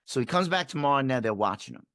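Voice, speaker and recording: Animated man telling a coaching story. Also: very fast, dry recording, clean studio sound. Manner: acts out dialogue with shifting pitch and energy. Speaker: performance coach, podcast guest.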